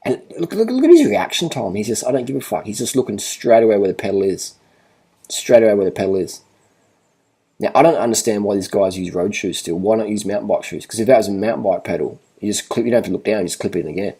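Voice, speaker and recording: A deep, dark, husky-voiced man talks over cycling footage. He is blunt and swears freely, and he hammers each point home by saying it again and again. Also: quick pace. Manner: blunt, profane, repeats himself for emphasis. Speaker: cycling vlogger. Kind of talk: casual commentary over race footage.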